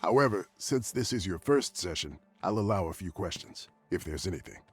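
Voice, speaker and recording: A man voicing a therapist character in a video game, calm, measured and formal. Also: low voice, slightly rough, soft background music. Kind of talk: scripted video game dialogue.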